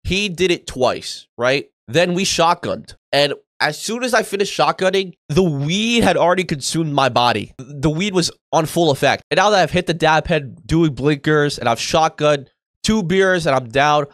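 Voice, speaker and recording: A young man casually telling a party story to camera, animated and swearing freely, acting out what others said. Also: on the high side, moderate pace, no echo. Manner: animated, acts out quoted voices, swears freely. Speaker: storytime YouTuber.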